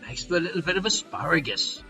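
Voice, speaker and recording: A man hosts a live online quiz with a high, bright voice. He reads out questions with jokey showman patter and sudden loud calls of each number. Faint music plays behind him. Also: big pitch swings, fast talker, gravelly, low-quality recording. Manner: jokey, showy quizmaster patter with big swings in loudness. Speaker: quiz host. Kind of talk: live-streamed pub quiz hosting. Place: home streaming setup.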